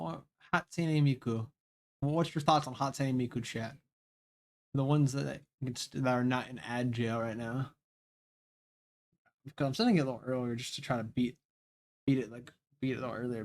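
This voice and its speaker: A man's voice: medium pitch, vocal fry. A man livestreaming a story game, rambling casually to his chat with plenty of swearing. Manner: rambling, profane, talks to chat. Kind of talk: casual live-stream chat while reading a game.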